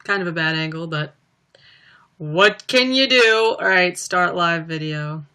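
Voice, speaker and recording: A woman's voice: fairly low pitch, unhurried, pushed and bright, smooth. A young woman chatting casually on a livestream, reading viewer comments aloud with plenty of ums. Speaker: livestreaming singer.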